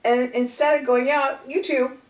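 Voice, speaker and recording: A woman guest on a podcast, a brand ambassador telling stories in a playful, animated way. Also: high-pitched, moderate pace. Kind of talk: casual podcast conversation. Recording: echoey room, distant mic.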